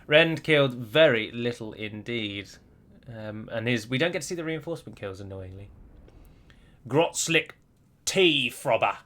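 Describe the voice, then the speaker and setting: A man's voice: medium pitch, expressive, a little slow, a bit bright. A man commenting on his own strategy game, chatty and wry, asking his units what they are doing. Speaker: gameplay commentator.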